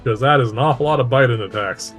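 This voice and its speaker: A man runs a tabletop game as game master, narrating the scene in halting bursts with frequent pauses and fillers. His voice sits at an average pitch, with faint music behind him. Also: fairly bright tone.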